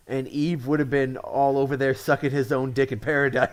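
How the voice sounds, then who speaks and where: A man's voice: mid-range voice, fairly even intonation, normal speed, few pauses. A man from Connecticut telling one-liner jokes, chuckling at his own punchlines and commenting offhandedly on them. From Connecticut, USA. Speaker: comedian.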